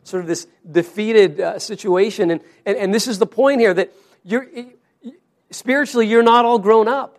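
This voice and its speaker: High-voiced preacher, earnest and stammering. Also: male voice, moderate pace. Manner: earnest, repeats and restarts words. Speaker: pastor. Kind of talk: sermon.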